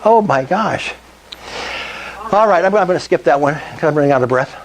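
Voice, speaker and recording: A man's voice: a little high, expressive, moderate pace, crowd noise. An older man giving an enthusiastic sales presentation at a meetup, often asking the audience questions. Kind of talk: sales presentation to a live group.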